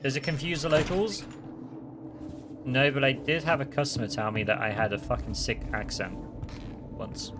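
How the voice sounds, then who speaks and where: A man's voice: mid-range voice, normal speed, pauses often, noisy background. A man giving casual commentary while playing a video game, chatting and swearing freely between puzzles. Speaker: game streamer.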